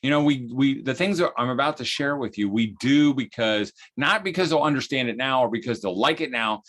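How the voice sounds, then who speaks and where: A middle-aged man giving a casual, animated talk on parenting, acting out quotes from his family in high voices. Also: fairly quick. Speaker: speaker on parenting.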